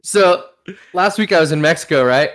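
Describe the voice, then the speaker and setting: A man co-hosting an improv comedy show in casual chat, goofy, giving deadpan absurd answers and laughing, over a voice call. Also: on the high side, normal speed.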